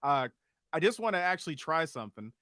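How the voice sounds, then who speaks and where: A man's voice: on the high side, very animated, brisk, a bit bright, no echo, clean studio sound. A man co-hosting a podcast, talking easily and thanking listeners for tuning in. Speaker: podcast co-host. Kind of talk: casual podcast chat.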